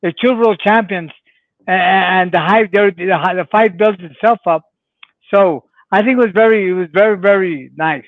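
A man's voice: sits high, moderate pace, dry recording. A man co-hosting a boxing podcast remotely, speaking in short, repeated, emphatic remarks. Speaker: podcast co-host, boxing trainer. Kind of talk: casual boxing chat. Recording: dry, tinny phone-like line.

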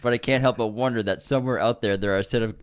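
A man's voice: mid-range voice, steady tone, racing, slight background noise. Brief: nasal young male podcast co-host, casual banter, laughs through jokes. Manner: reads fan jokes aloud, laughing often.

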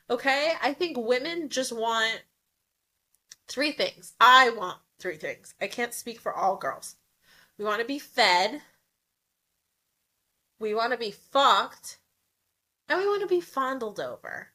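A woman's voice: a little high, fairly bright tone. A young woman hosting a podcast, talking candidly in a blunt, profane, emphatic way and laughing often. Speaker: podcast host. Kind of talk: candid casual monologue.

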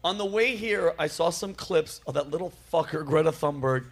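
A man's voice: fairly high pitch, lively intonation, normal speed, slight background noise. A man hosting a casual comedy chat show, ranting animatedly and swearing freely. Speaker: host.

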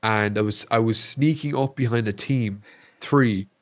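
An Irish man, a streamer guest on a podcast, chatting casually and telling animated stories, swearing freely. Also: fairly low pitch, unhurried. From Ireland. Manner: animated storyteller, swears freely, acts out quotes.

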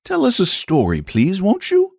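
A man's voice: high voice, huge pitch swings, moderate pace, gravelly, a little mellow, no room sound, clean studio sound, voice pushed up, exaggerated voice. A man voicing a polite, eager young girl in a storybook reading, speaking in a breathless, pleading way.

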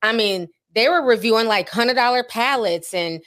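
A woman's voice: on the high side, a bit bright. A woman co-hosting a podcast, chatting casually with many fillers and reading a sponsor spot. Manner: chatty, drawn-out filler-heavy talk. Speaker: podcast co-host.

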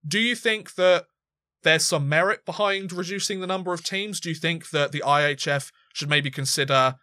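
A man's voice: fairly high pitch, moderate pace, pushed and bright, no echo, clean studio sound. A man co-hosting a sports podcast, chatting casually and rambling, with frequent restarts and fillers. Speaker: podcast co-host.

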